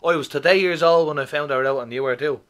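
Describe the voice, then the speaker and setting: A man co-hosting a podcast in casual chat, animated and swearing, often asking "you know what I mean". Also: a little high, fast talker. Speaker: podcast co-host.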